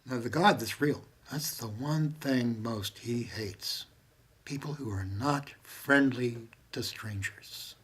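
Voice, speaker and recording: Husky guy holding a camera at home, ranting then going to a whisper, swears a lot. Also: mid-range voice, slow pace. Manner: impassioned, swings from loud to hushed whisper, profane. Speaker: monologuing about strangers and religion. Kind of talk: casual monologue to camera. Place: home with maps on the wall. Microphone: handheld camera.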